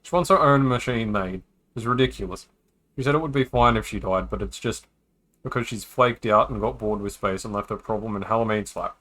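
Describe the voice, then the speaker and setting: A man with a lowish, sharp-toned voice reads a visual novel's dialogue for his stream at a fairly quick pace. He keeps it casual and breaks in with joking asides between lines.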